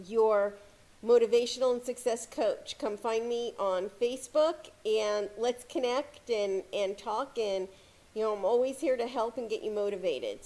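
A woman giving casual motivational advice to camera as a success coach, talking calmly with frequent "you know" fillers. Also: mid-range voice. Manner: calm, conversational, many "you know" fillers.

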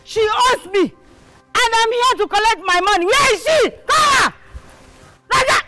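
A loud, pushy Nigerian cloth seller. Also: female voice, extremely high pitch, unhurried, over music. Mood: angry. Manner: shouting, aggressive, mixes Igbo.

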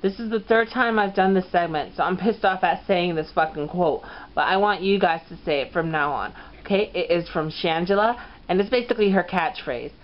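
Here a comedy vlog host speaks a little fast in a high-sitting voice. He is crude and sassy, swears constantly, and the sound quality is dull and lo-fi.

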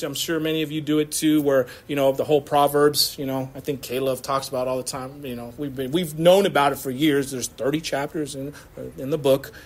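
A male pastor giving a lively, casual sermon in church, mixing slang and laughter into his preaching. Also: high-pitched. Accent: American.

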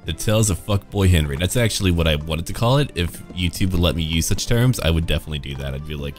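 Male game streamer with a lively, swooping delivery. Joking, irreverent, casual play-by-play to chat. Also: sits low, fast talker, hardly any pauses, faint music behind. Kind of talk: casual gameplay commentary.

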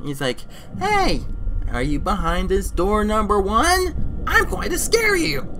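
A woman's voice: medium pitch, wildly swooping pitch, slow, fairly bright tone, slight background noise, heavily acted, rough recording. A woman voicing a possessive, bossy cartoon aardvark boy, whiny and taunting.

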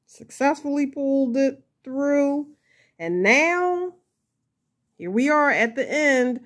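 Female crochet host, unhurried and chatty, slightly high voice, self-mocking. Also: animated, a bit bright. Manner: chatty, laughs at herself, says y'all. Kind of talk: casual crochet tutorial.

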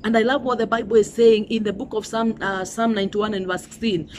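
A woman's voice: medium pitch, fairly even intonation, brisk, few pauses, a little mellow, slight background noise. A middle-aged woman with a Kenyan accent preaching a sermon, emphatic and repetitive, often saying "you know" and "Hallelujah".

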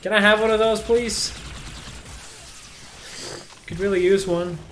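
A young man talking through a shooter game as he plays it for the first time, his fairly high voice jumping into yelps and curses whenever he is startled. Faint room ambience sits behind him. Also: steady tone, fast, a bit bright, slight background noise. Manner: jumpy, swears often, yelps when startled. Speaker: gameplay streamer. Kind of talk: first-time playthrough commentary.

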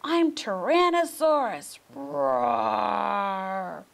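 A woman's voice: medium pitch, wildly swooping pitch, drawn-out words, creaky, full character voice. A woman voicing a bold little girl animal who loves dinosaurs, bossy and playful, in a children's storybook.

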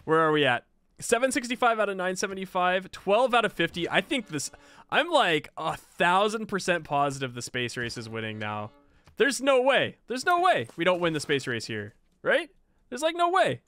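Excitable high-voiced game streamer man. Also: moderate pace. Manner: excitable, exclaiming and laughing at the game. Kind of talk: casual gameplay commentary.

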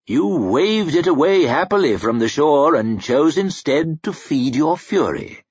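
A man voicing an arrogant, ruthless old male wizard who speaks in a haughty, measured, menacing way. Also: a little high, expressive, a little mellow, husky, dry recording, pitched above the performer's own voice. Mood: cold. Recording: dry muffled recording.

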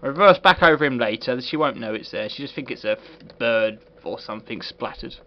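Man, comic game reviewer, fake-posh sarcastic delivery, lively swings in pitch, lo-fi dull recording. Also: a little fast. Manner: put-on posh voice, sarcastic and sweary. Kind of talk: comedic game review commentary. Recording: dull lo-fi recording with faint hiss.

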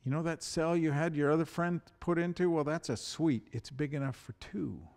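A man voicing a wrathful king passing judgment, speaking low and hushed with menace. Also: moderate pace, close to an everyday voice. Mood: stern.

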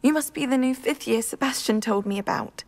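An actress voicing a gentle cursed young woman in a video game, speaking softly. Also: a little high, a little fast, natural voice. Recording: game audio with faint music.

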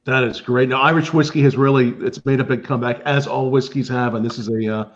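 A man's voice: medium pitch, steady tone, fast talker. A man hosting a live tasting stream, chatty and self-deprecating, asking questions and plugging his show. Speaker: livestream host. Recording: muffled lo-fi stream audio.

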